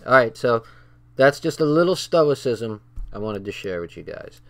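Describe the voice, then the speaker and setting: A man's voice: medium pitch, lively intonation, normal speed, a bit bright. Blunt, profane man in casual commentary. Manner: blunt and profane, talks straight from personal stories. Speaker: channel host reading and commenting on a text.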